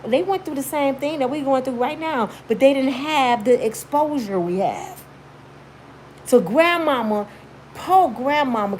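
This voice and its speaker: A woman's voice: high-pitched, a little mellow, slight background noise. A woman in her fifties giving blunt, emphatic, sermon-like motivational commentary on her YouTube channel.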